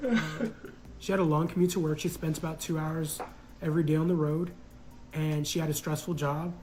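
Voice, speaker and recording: A man's voice: on the high side, level tone, normal speed, music in the background, poor audio. Reflective man telling his own story. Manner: reflective, hesitant, many fillers. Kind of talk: casual personal storytelling.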